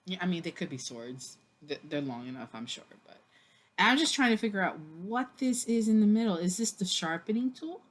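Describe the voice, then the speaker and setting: A woman giving a casual tarot reading to camera, chatty and expressive, with a loose delivery full of fillers, who laughs and swears when something surprises her. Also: on the low side, a little fast. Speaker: tarot reader.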